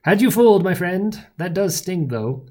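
A smug superhero who treats every fight like a show, his voice riding high and bright with amusement, as a male narrator puts him on. He teases and mocks, never sounding worried for a moment. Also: sing-song, normal speed, husky. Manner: mocking, showy, unbothered. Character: cocky, playful male superhero, teasing and theatrical. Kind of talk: audiobook character voice.

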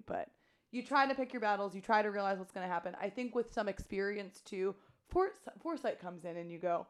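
A woman's voice: medium pitch, fairly quick, clear, resonant tone. A young adult woman, a teacher co-hosting a podcast, chatting casually and acting out quoted thoughts as she talks. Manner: animated, talks through her thoughts with quoted asides. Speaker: podcast co-host, classroom teacher. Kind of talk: casual chat.

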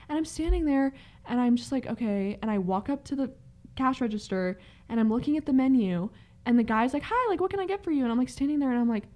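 A woman's voice: fairly high pitch, dark tone. A young woman in a casual chat, rambling through a story with frequent swearing and laughter.

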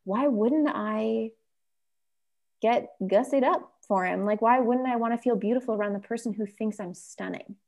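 Young woman co-host, rambling and chatty, fairly high voice, candid storyteller. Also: normal speed, creaky, darkish tone. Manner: chatty, rambling, lots of fillers. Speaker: podcast co-host. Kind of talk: casual chat, storytelling.

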